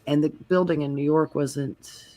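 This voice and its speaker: A man's voice: fairly high pitch, steady tone, unhurried, a crowd in the background. A man on a podcast panel in casual chat, telling rambling anecdotes full of restarts.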